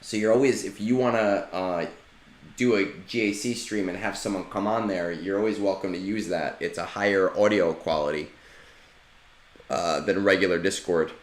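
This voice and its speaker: A man's voice: low-pitched, steady tone, normal speed, echoey room. A man streaming a game and chatting casually with viewers, loose in manner and swearing freely. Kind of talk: casual live-stream chat.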